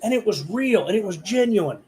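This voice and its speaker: A man's voice: high-pitched, expressive, moderate pace, darkish tone, slight background noise, poor audio. A man ranting casually to camera about horror movies, swearing often and rambling with lots of fillers. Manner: heavily profane, rambling, filler-laden. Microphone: camera recording himself.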